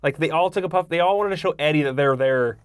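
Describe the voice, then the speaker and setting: A man's voice: on the high side, fast, clean tone, dry recording, clean studio sound. A man co-hosting a casual movie review chat, opinionated and swearing freely, often acting out characters' lines as he talks. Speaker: podcast co-host.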